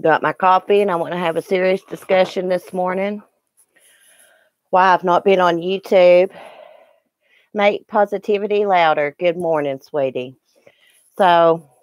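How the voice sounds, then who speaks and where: A woman's voice: fairly low pitch, no echo, clean studio sound. A middle-aged woman, chatting emotionally and ramblingly to viewers in a morning live stream, recorded on her phone.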